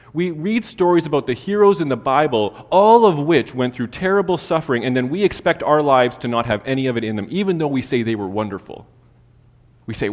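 A man preaching a sermon, telling a casual personal story full of fillers before turning to scripture. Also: mid-range voice. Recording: long hall reverb.

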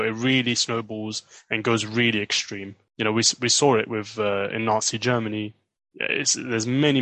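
A man co-hosting a podcast who reasons out loud in earnest, with the odd joking aside. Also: mid-range voice, no room sound. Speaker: podcast co-host. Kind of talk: casual podcast chat.

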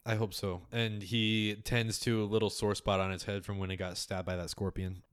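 A man narrating as game master of a tabletop game, relaxed and often hesitating with fillers. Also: on the low side, normal speed, smooth.

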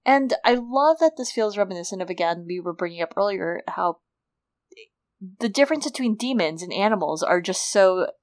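A woman's voice: mid-range voice, normal speed. A woman co-hosting a podcast, retelling a book chapter in casual, giggly chat. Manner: giggly, animated storyteller. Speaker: podcast co-host.

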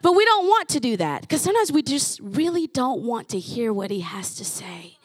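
A woman pastor delivers a lively sermon and acts out the voices of her listeners. Her voice is high and a little husky, and it leaps up and down in pitch. The sound is dry, with no room echo. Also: normal speed. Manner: animated, acts out listeners' voices with rising exclamations.

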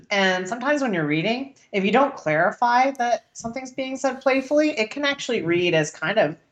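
Throat-clearing woman musing over writing. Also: a little high, animated, normal speed. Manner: frequent throat clearing, thinking aloud with ums. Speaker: podcast co-host critiquing writing. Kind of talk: casual chat.

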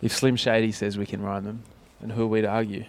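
A man in a relaxed, joking podcast chat, swearing freely. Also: fairly low pitch, fast talker, slight background noise. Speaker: podcast co-host. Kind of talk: casual chat.

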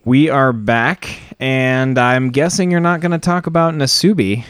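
A man co-hosting a podcast in casual chat, joking in quick banter. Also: mid-range voice, fairly even intonation, clear, resonant tone, dry recording, studio quality, soft background music. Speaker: podcast co-host.

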